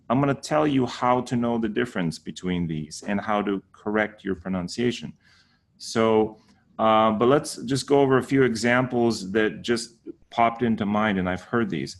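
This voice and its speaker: Playful, teasing man teaching Sanskrit. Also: lowish voice. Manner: playful, teasing, mock-exasperated. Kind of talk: casual spoken tutorial.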